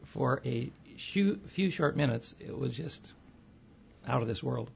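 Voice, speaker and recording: A man speaking slowly and softly in halting, thoughtful phrases. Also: mid-range voice, lively intonation, vocal fry, slight background noise. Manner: slow, halting, soft-spoken. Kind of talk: casual conversation and poetry reading. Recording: dull lo-fi recording.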